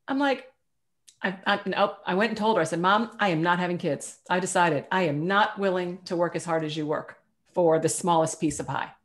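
A woman telling personal stories as a panel guest, animated and acting out the dialogue she quotes. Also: mid-range voice, a little fast.

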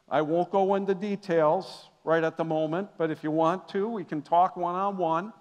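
A pastor delivers a sermon in a high, ringing voice. He sinks into quiet, confessional passages, then climbs back to loud, emphatic declarations. The sound of a large church hall lingers after each phrase. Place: church sanctuary. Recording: long reverb of a large hall.

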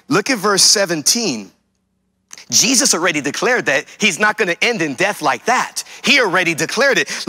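A male pastor delivering a sermon in a fairly high, piercingly bright voice. He preaches emphatically, repeats his main points and calls out to his listeners. The tone is sharp and driving throughout. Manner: emphatic preaching that repeats key lines and addresses the congregation.

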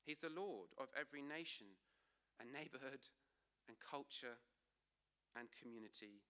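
A man preaching a sermon in church, emphatic, slowing for key phrases and dropping low and soft at line ends. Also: clean tone.

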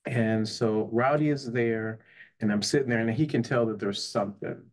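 A man's voice: on the low side, moderate pace. A man, a psychotherapist and life coach, telling his personal story in an earnest, conversational way, often asking "right?". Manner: earnest, with frequent "you know" and "right?".

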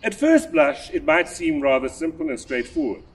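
A husky older man preaching a sermon, his voice rising and falling in wide, lively swings. He speaks in a measured, deliberate way, pressing hard on key words. His voice sits a little higher than most men's. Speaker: priest.

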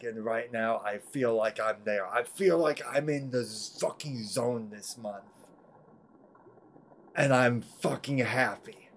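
A man's voice: mid-range voice, a little mellow. A male streamer talking straight to his chat, rambling, heartfelt and swearing freely. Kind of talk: live game-stream chat with viewers.

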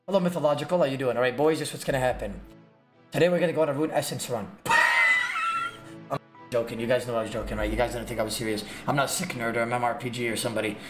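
A man's voice: medium pitch, fairly even intonation, very fast, roomy sound, music in the background. A man streaming a game live, boisterous and laughing, trash-talking and greeting his chat.

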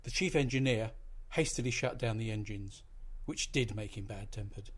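A man narrating a short story aloud in an expressive, measured reading voice. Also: fairly low pitch, husky.

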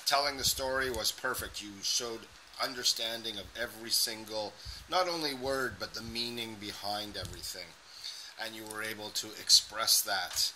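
A man's voice: fairly low pitch, bright, forceful tone, a little hiss or hum, poor audio. A man coaching a student on pronunciation, giving encouraging feedback and over-articulating sounds. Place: indoors, dim lighting.

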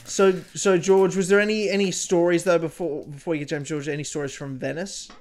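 A man's voice: a little high, level tone, brisk. A man hosting a podcast in casual chat, rambling and restarting his sentences. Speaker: podcast host.

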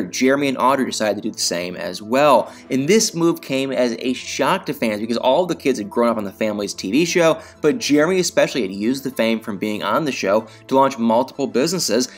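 A man hosting a celebrity gossip commentary, telling the story in a dramatic, chatty way with rhetorical questions. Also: mid-range voice. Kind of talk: scripted commentary.

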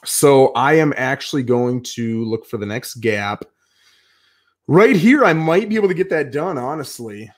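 A man's voice: medium pitch, normal speed, hardly any pauses. A middle-aged man hosting a live show, casually talking viewers through his schedule in a coaching tone, often adding "man" and "right?". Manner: lively, swings between bursts and mumbled asides. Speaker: show host. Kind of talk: live walkthrough of his planning.

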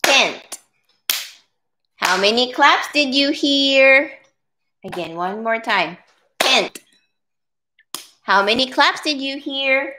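A woman leading a preschool circle-time lesson, speaking patiently and encouragingly with drawn-out words for small children. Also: high voice, lively intonation, background noise. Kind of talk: slow, sing-song preschool lesson.

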